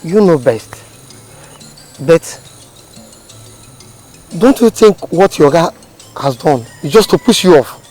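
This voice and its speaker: A man's voice: a little high, expressive, slow pace, pauses often, darkish tone, faint music behind. A man with a Nigerian accent playing a doubtful friend who keeps questioning, in a film scene. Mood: skeptical. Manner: skeptical, questioning. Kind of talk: film acting.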